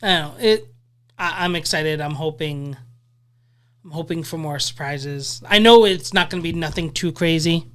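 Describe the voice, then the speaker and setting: A woman's voice: deep voice, normal speed. A young woman co-hosting a casual podcast chat, eager and chatty with lots of likes. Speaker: podcast co-host.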